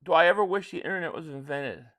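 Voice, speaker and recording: A man from South Jersey, near Philadelphia, hosting a casual live stream. His voice sits fairly high for a man. He rambles through viewer comments in loose, chatty talk and often restarts his sentences. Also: fast talker, fairly bright tone.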